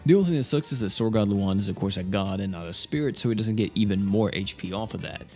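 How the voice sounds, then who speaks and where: A young man giving casual, animated commentary on a mobile game update, thinking aloud and laughing now and then. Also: on the low side, quick pace, faint music behind. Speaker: gaming YouTuber.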